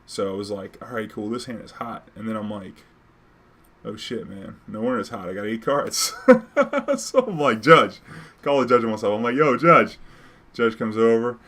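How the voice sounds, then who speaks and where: A man's voice: fairly low pitch, steady tone, a little fast. A young man casually telling a story in a laid-back, slangy way, laughing now and then.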